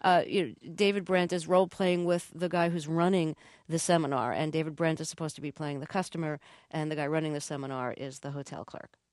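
A woman hosting an interview, asking curious questions and laughing easily. Her voice is low for a woman. The studio sound is dry and close. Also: steady tone, a little fast, hardly any pauses, darkish tone, no room sound. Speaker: interviewer, host. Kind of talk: radio-style interview.

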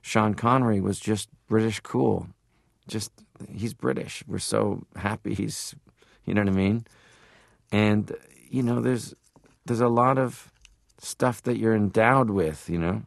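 Deep, gravelly man telling stories. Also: a little slow, dry recording, studio quality. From Canada. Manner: animated storyteller who drops into impressions. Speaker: interview guest. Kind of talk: interview talk.

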